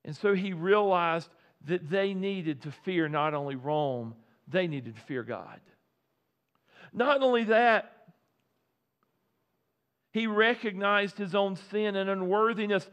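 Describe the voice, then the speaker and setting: A middle-aged male pastor preaching a sermon, deliberate, with repeated phrases and dramatic pauses. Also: high voice, a bit bright, smooth, highs cut off.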